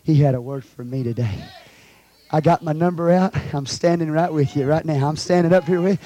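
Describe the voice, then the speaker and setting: A pastor with a drawl leading a sermon, preaching in call-and-response and moving between hushed prayer and loud exhortation. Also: male voice, fairly high pitch, brisk. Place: church sanctuary.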